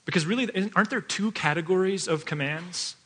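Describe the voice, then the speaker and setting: A man's voice: sits high, a little fast, fairly bright tone, husky. A male pastor giving a conversational sermon that mixes in family stories, chatty and full of fillers, often laughing as he talks.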